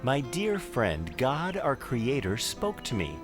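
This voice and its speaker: Man doing calm pious Noah for a kids' cartoon, earnest storybook read, lively pitch, music bed underneath. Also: slow pace. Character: calm pious male biblical patriarch. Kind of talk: scripted children's cartoon narration.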